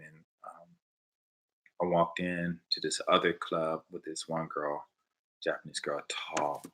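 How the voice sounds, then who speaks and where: A man from Los Angeles with an American accent, telling stories in a casual, animated way and acting out the voices of people he quotes. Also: deep voice. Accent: American English. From Los Angeles, USA. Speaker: vlogger answering viewer questions. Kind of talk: casual storytelling.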